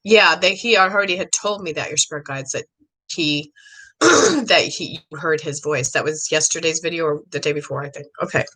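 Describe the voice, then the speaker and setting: Chatty bright-voiced woman psychic host. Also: sits low, normal speed, rough recording. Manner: chatty, rambling, excitable, frequent throat clearing. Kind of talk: live-stream reading.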